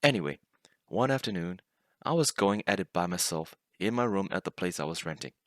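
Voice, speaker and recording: A man's voice: deep voice, expressive, brisk, a bit bright, no room sound, clean studio sound. A man casually narrating funny stories and often laughing as he reads. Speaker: storyteller reading online stories.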